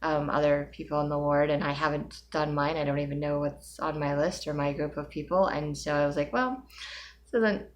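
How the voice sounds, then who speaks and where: A middle-aged woman vlogging casually, tired with a migraine, rambling with sighs and soft laughs. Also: low-pitched, completely flat delivery, fairly quick, hardly any pauses, a little hiss or hum. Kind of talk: casual personal vlog.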